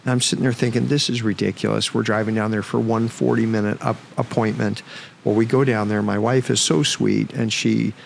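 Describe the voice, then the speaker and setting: A man in his fifties, a podcast guest, telling a story in a frank, animated way and swearing freely. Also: fairly low pitch, fairly quick, gravelly, slight background noise. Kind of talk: casual storytelling.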